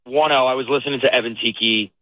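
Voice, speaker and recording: A man's voice: mid-range voice, steady tone, fast, no echo. A man calling in to a sports radio show, eager and hesitant with many fillers, heard over a phone line. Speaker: caller. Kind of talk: call-in chat.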